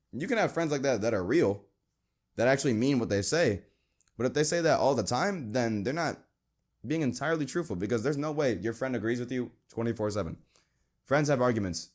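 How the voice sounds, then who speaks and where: Expressive and fairly quick, a young podcast host talks about his Christian faith in an earnest, easygoing way. He reads Bible verses aloud and sometimes imitates friends in a high-pitched voice.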